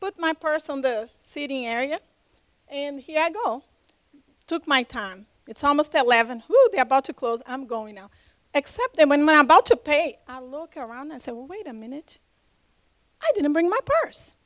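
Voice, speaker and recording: A woman with a non-native English accent tells her testimony in an animated way, jumping up in pitch as she acts out what people said. Her voice sits high, and the recording is close and dry with no room sound. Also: moderate pace, dry recording, rough recording. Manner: animated, acts out dialogue with lively pitch jumps. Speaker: church member giving a testimony. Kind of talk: storytelling testimony.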